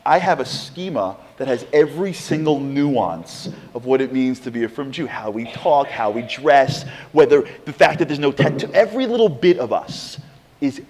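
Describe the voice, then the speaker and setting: A man giving an inspirational lecture with humor, an animated storyteller who fires off rhetorical questions to the audience in a large lecture hall. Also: medium pitch, moderate pace. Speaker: speaker. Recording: long hall reverb.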